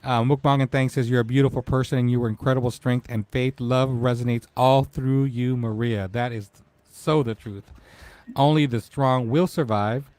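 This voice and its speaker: Man in his forties, talk show host, tearful, emotional, medium pitch, dry room. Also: fairly even intonation, normal speed, a little mellow, dry recording. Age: 40s. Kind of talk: casual live-stream chat.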